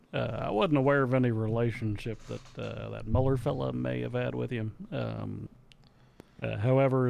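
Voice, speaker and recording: A man's voice: medium pitch, creaky, a little mellow. A man playing a police officer on the witness stand in role-play, hesitant and drawling.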